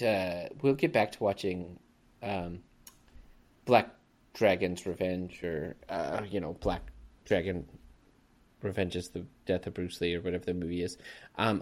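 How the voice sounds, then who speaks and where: A man hosting a casual podcast about a movie, rambling and laughing often. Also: low-pitched. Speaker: podcast host. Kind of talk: casual movie review chat.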